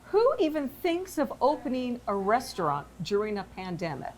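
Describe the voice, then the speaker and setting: An older woman hosting a local TV show, interviewing a guest on location in a busy restaurant, bubbly and quick to laugh. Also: a little high, big pitch swings, slight background noise. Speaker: TV show host. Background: diners chatting and laughing.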